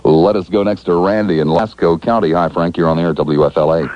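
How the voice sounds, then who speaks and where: Deep-voiced sarcastic radio host. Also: male voice, steady tone, quick pace, no room sound. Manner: sarcastic, needling, cuts callers off. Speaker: radio talk show host. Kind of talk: combative call-in radio. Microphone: studio broadcast mic. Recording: lo-fi AM radio broadcast.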